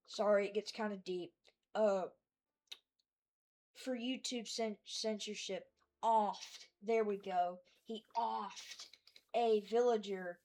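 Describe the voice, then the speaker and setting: A woman's voice: mid-range voice, darkish tone. Rambling, hesitant young-sounding woman narrating. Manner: rambling and hesitant, with many fillers and restarts; self-deprecating about her own work. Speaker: creator giving a tour of her game world. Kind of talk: casual voice-over narration of gameplay.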